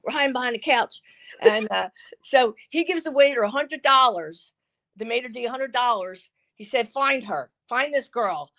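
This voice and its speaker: A woman's voice: a little high, normal speed. An older woman, a guest, telling a long dating story casually and acting out the people she quotes. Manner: animated, acts out quotes.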